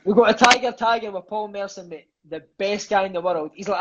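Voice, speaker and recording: High-voiced Scottish man telling stories. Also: a little fast, hardly any pauses, fairly bright tone, lo-fi sound. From Scotland. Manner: swears casually, fills speech with "mate" and "aye". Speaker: podcast guest, former footballer. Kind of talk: casual storytelling chat.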